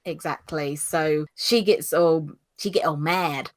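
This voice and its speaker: A woman's voice: low voice, slow. A woman co-hosting a podcast, chatting casually and dramatically as she recaps an anime episode. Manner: animated, dramatic, gasps and laughs. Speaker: podcast co-host.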